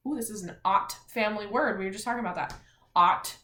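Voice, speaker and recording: A woman teacher leading a reading and spelling lesson for young children, sounding out letters and words in a clear, encouraging way. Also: medium pitch, moderate pace, bright, forceful tone, echoey room.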